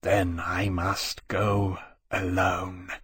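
Man voicing a great dragon, lower and slower, soft, grave, husky, audiobook character. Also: no room sound, studio quality. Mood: wretched. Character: large male dragon, earnest and grave.

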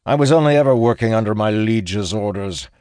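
A man reading an audiobook, voicing a smooth, scornful male official who speaks sharply. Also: lowish voice, fairly quick, darkish tone, dry recording, studio quality, pitched above the performer's own voice, natural voice. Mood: sneering.

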